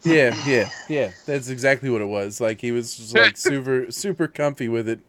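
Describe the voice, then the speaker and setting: A man's voice: medium pitch, animated, moderate pace, a bit bright. A man hosting a casual late-night stream chat over a video call, loose and laid-back, swearing freely. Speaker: show host. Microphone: video call mic.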